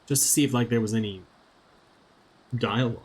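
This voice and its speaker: A man's voice: medium pitch, steady tone, a little fast, over music. A young man giving casual gameplay commentary as a streamer, chatty and self-mocking. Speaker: gaming streamer.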